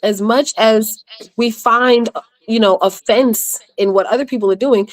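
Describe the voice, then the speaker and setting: A woman speaking bluntly and candidly as a guest in a casual online panel discussion, with quick asides and restarts. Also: fairly high pitch.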